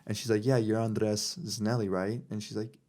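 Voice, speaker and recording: A man's voice: lowish voice, little pitch movement, normal speed, warm tone. A man hosting a podcast, telling a story in a casual, rambling way with lots of fillers and restarts. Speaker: podcast host.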